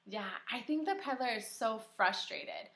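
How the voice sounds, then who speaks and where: A young woman teacher reading a story aloud to kindergarteners, animated and encouraging, asking the children questions. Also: fairly high pitch, normal speed. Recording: echoey room.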